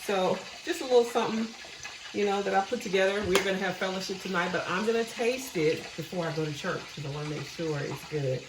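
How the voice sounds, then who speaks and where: Fast-talking and medium-pitched, this cooking channel host casually presents her home cooking and samples it on camera, mouth full. Her manner is homey and churchgoing. The sound is reverberant, with a noisy background.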